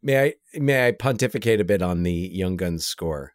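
A man's voice: low-pitched, normal speed, no room sound, studio quality. A man co-hosting a casual movie review podcast, joking around and stammering through his thoughts. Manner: jokey, stammering, animated. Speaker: podcast co-host.

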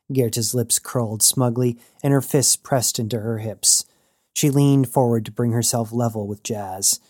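A man narrating a science fiction story in an even storytelling read. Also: medium pitch, moderate pace, no room sound, studio quality. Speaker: audiobook narrator. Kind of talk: scripted narration.

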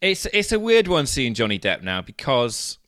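A man co-hosting a podcast in a casual, animated film discussion. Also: medium pitch, no room sound, clean studio sound. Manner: animated, chatty, quick to laugh along. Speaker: podcast co-host.

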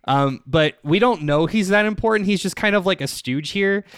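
A man's voice: sits high, normal speed, a bit bright, clear, resonant tone, dry recording, clean studio sound. A man hosting a podcast, recapping a game's story in loose, rambling casual chat full of fillers and laughs. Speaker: podcast host.

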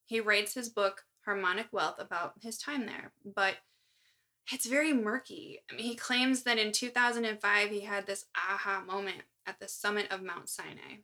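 A woman's voice: mid-range voice, fairly even intonation, moderate pace, pushed and bright. A woman co-hosting a podcast, recounting a story from her notes with wry asides. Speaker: podcast co-host. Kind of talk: casual chat, reading from notes.

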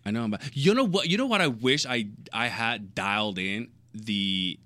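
A man talking casually on a podcast in a laid-back, joking way. His voice is bright and moves a lot in pitch. It sits close and dry, with no room sound. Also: animated, moderate pace, no echo. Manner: laid-back, joking, trailing off mid-sentence. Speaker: podcast co-host. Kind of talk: casual chat.

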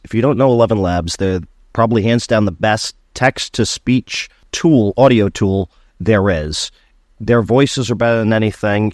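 A man hosting a casual solo podcast, talking in an animated, sarcastic ranting way. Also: lowish voice, dry recording, studio quality. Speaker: podcast host.

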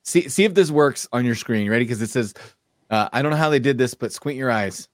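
A man co-hosting a podcast in casual chat, blunt and profane, speaking with animated emphasis. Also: medium pitch, brisk, no room sound, studio quality. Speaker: podcast co-host.

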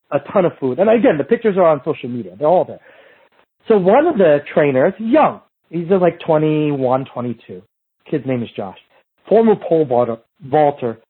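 A man, a movement coach, telling a casual story in an animated, profane way and acting out what other people said. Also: fairly high pitch, slightly rough, phone-quality sound.

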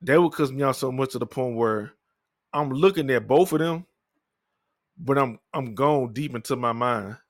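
A man's voice: medium pitch, moderate pace, dry recording. Candid young man, dry close sound. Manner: candid, profane, rambling with restarts. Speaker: podcaster telling his life story. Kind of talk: personal storytelling monologue.

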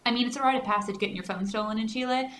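A woman co-hosting a podcast in casual chat, animated, laughing often and slipping in Spanish words. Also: a little high, very fast, roomy sound, slight background noise. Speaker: podcast co-host.

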